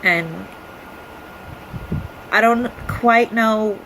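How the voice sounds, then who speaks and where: A woman's voice: medium pitch, a bit bright, a little hiss or hum, poor audio. Emotional young woman holding back tears. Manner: emotional, halting, many pauses and fillers. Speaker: vlogger. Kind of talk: personal video message.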